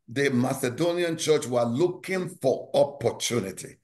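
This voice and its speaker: A man with a Nigerian accent, a pastor preaching emphatically at an online Bible study, moving from low asides to loud high exclamations. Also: lively intonation, normal speed.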